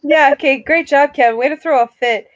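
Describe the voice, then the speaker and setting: A young woman chats with a friend on her podcast, bubbly and quick to giggle. Her voice sits fairly high. The sound is close and dry, with no room around it. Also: dry recording, lo-fi sound. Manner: bubbly, giggly, slips into joke accents. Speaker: podcast co-host. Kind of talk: casual chat.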